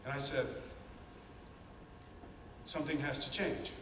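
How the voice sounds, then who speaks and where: A man's voice: medium pitch, fairly even intonation, a little slow, noisy background. A man giving an earnest, candid talk about his own life, acting out the voices in his head as he tells it. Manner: candid, earnest storytelling with quoted inner voices. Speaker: speaker sharing his story. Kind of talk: personal testimony talk. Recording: echoey hall, mic at a distance.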